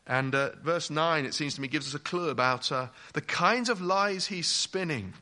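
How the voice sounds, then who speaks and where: A man's voice: a little high, moderate pace, bright, forceful tone. A man preaching a sermon in an emphatic way, speaking directly to his listeners.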